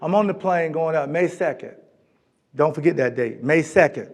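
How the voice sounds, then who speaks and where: Animated storytelling man from Florida. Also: a little high, normal speed. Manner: animated, comic, acts out voices in his anecdotes. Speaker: keynote speaker. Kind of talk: storytelling speech to a live audience. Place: large event hall.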